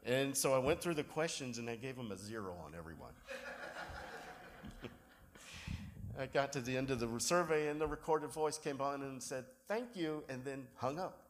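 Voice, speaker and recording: A pastor, giving a sermon in a relaxed storytelling way with self-deprecating humor. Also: male voice, mid-range voice, moderate pace, pauses often.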